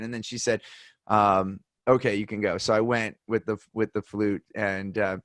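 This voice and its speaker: A man hosting a podcast, chatting casually and telling animated stories, acting out the people he quotes. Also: fairly low pitch, dry recording, clean studio sound. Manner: animated storyteller, acts out quoted voices. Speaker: podcast host. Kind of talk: casual conversation, storytelling.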